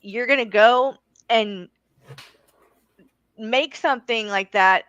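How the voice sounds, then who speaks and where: A woman with a bright, somewhat high voice argues back in an exasperated, defensive tone. She swears freely as she holds her ground. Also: takes it slowly, clean tone, highs cut off.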